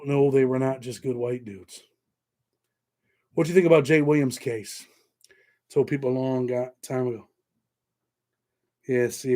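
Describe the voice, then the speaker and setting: A middle-aged New Yorker with a Southern-tinged American accent hosts a casual livestream, chatting loosely with viewers and thanking them by name. His voice is medium-pitched and a little mellow.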